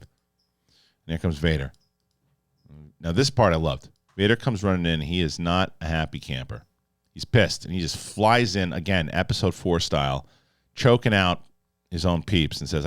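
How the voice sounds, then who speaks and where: A man with a low voice reviews a TV episode in a casual spoiler rundown. He talks loosely and profanely and keeps slipping into quick character voices. The sound is dry and close. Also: no echo. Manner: animated, acts out characters in quick put-on voices; loose, profane, joking talk. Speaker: film and TV reviewer.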